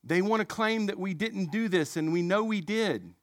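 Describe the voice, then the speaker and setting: Male preacher, young adult, conversational sermon with self-mocking asides, slightly high voice, dry recording. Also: moderate pace, no echo. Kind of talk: sermon storytelling.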